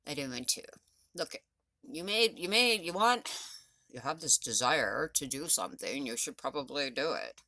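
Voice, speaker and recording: A woman with a gravelly bass voice and a sharp tone talks at a moderate pace, expressive as she laughs her way through a rambling morning vlog. Winded after rowing, she holds her phone while chatting casually at home. The sound is clean and echo-free, like a studio.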